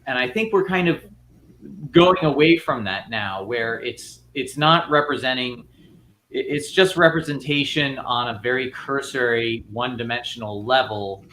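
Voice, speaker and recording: A man talks through his ideas in long, loose sentences, circling back and restarting as he goes. His voice is bright and forceful. A faint noise sits behind the recording. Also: medium pitch, moderate pace. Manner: rambling, many restarts and fillers. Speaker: filmmaker guest. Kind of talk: casual panel discussion.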